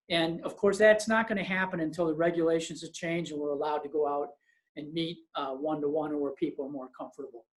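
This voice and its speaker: A presenter on a business webinar speaks in a mid-range voice, neither high nor low. The delivery moves from storytelling into emphatic, practical advice for the listeners, and the sound is that of a video call.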